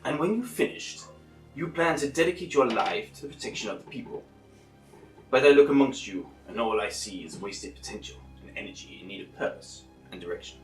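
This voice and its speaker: A man voicing a stern, aloof male headmaster giving a slow, measured speech in a tabletop game. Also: mid-range voice, animated, roomy sound, soft background music, lightly acted, low-quality recording.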